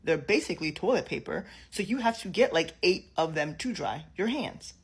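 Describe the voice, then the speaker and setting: A woman's voice: fairly low pitch, lively intonation, normal speed, slightly rough. A woman in a clip telling a story casually, chatty and repeating phrases for emphasis.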